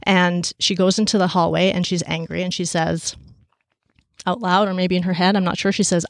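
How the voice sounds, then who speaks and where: Woman, lowish voice, casual storytelling, animated, acts out quotes, dry close mic. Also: normal speed, vocal fry, dry recording. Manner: loose, with many fillers.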